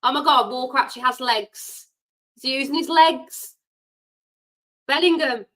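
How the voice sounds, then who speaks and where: High bright excitable woman. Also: normal speed, rough recording. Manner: animated, exasperated, shouts at players. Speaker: watchalong host. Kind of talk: live football watchalong commentary.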